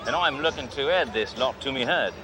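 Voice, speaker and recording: A man's voice: medium pitch, lively intonation, brisk, a crowd in the background, background noise, lightly acted. An actor doing a put-on Australian accent as a boastful male tycoon, with a blustery, bragging delivery. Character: loud fake Aussie tycoon, boastful male car buyer.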